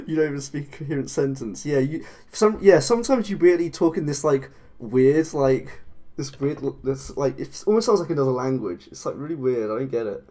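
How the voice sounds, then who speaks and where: A man's voice: a little high, expressive, normal speed, mellow. An English man chatting casually on a live stream while making clay models. He rambles and laughs often. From England. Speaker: claymation streamer.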